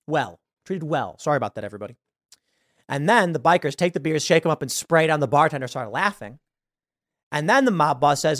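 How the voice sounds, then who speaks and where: Male commentary host: lively, rangy delivery, acts out quoted voices, dry close recording. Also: fairly high pitch, moderate pace, dry recording. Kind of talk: solo commentary.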